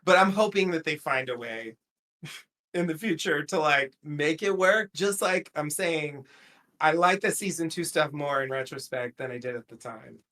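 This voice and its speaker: Bright-voiced chatty man recapping a show. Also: a little high, moderate pace. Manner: chatty, laughs often, rambling with restarts. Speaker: podcast host recapping a TV episode. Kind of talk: casual recap chat.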